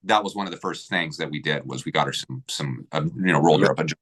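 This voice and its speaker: A man's voice: rumbling low, fast, fairly bright tone. Emotional man telling a family story. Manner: emotional, swears freely, acts out quotes. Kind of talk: casual storytelling interview.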